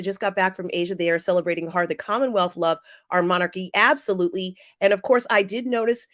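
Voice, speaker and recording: A woman's voice: mid-range voice, dry recording, studio quality. Emotional woman hosting a live chat. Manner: warm, chatty, often pausing with fillers. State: teary and emotional. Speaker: livestream host reading viewer comments. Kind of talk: casual live-chat commentary.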